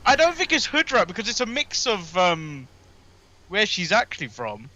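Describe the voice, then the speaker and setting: A man with a London accent co-hosting a casual chat show, chatty and quick to giggle. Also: sits high, huge pitch swings, sharp tone, dry recording, highs cut off. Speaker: co-host.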